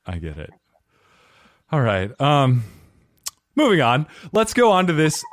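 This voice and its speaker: A male podcast host in casual, joking banter. His pitch swings animatedly, and the recording is dry and close with no room sound. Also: huge pitch swings, dry recording. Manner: joking, quick to laugh.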